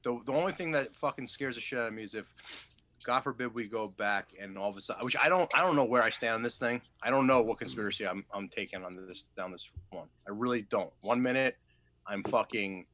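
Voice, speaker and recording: A man's voice: on the low side, fast talker, bright, forceful tone. A man co-hosting a casual podcast chat, rambling and swearing, sometimes losing his thread. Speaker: podcast co-host.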